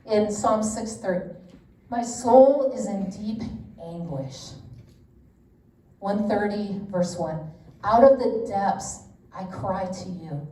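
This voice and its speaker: A woman's voice: medium pitch, expressive, slow pace, pauses often, mellow. Middle-aged woman teaching in an echoey room. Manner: chatty and candid, full of "like" and asides. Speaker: women's Bible study leader. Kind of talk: casual teaching talk. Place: church meeting room. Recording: roomy echo, distant mic.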